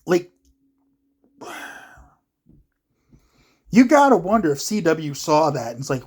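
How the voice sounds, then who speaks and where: A wrestling commentary vlogger rants at the camera in a casual, profane, rambling way, sounding exasperated and using plenty of filler words. His voice is fairly high and sing-song with a darkish, breathy tone, and he speaks slowly with long pauses.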